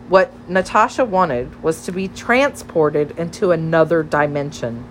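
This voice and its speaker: A woman narrating a children's story in a gentle, measured reading. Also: on the low side, a little hiss or hum. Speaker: audiobook narrator.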